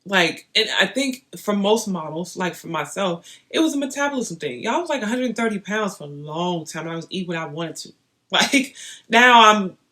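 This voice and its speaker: A young woman vlogging, chatting straight to her viewers in an animated, storytelling way. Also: mid-range voice, normal speed. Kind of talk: casual storytelling to camera.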